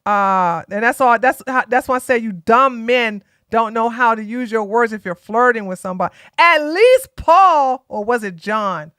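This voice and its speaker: A woman's voice: a little high, animated, moderate pace, hardly any pauses, fairly bright tone, clear, resonant tone, dry recording, clean studio sound. A tired woman from Georgia, hosting a casual political live stream and talking bluntly to her chat. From Georgia, USA. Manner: blunt, sassy, talks straight to chat.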